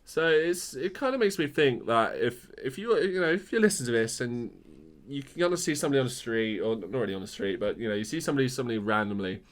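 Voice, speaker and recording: A man's voice: mid-range voice, animated, quick pace, hardly any pauses. A young man co-hosting a podcast, easygoing and rambling in casual chat. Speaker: podcast co-host.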